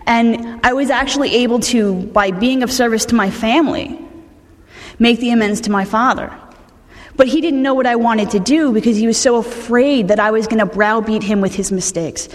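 A woman's voice: a little high, moderate pace. A woman giving a personal recovery testimony, speaking candidly and conversationally, often restarting her sentences. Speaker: speaker sharing a recovery story. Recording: long reverb of a large hall.

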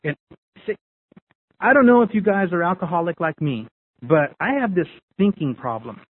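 This man's testimony to a group about his recovery comes in a high, husky, animated voice at normal speed. He tells it candidly and repetitively, like a story, and it sounds tinny, as if over a phone or radio.

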